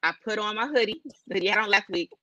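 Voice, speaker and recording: A woman co-hosting a podcast, telling a profane, animated story in casual chat. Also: medium pitch, rapid-fire, dry recording, highs cut off. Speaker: podcast co-host.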